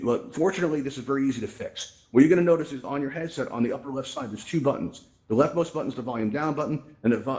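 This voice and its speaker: A man talks quickly and casually, walking listeners through practical tips as if chatting with friends. He is folksy and direct, tossing in "right?" and "you know" as he goes, and sounds like he is speaking into a headset microphone. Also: mid-range voice, darkish tone. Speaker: presenter in a VR tech event. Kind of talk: casual instructional talk to a live audience. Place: virtual reality social space.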